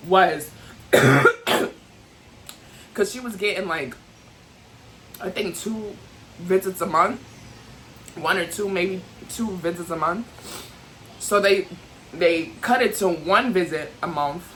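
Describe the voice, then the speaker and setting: A woman's voice: lowish voice, slow, pauses often, fairly bright tone, slight background noise, poor audio. A young adult woman venting to camera in an emotional, heated, rambling way, full of "like" and "you know what I'm saying". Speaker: vlogger.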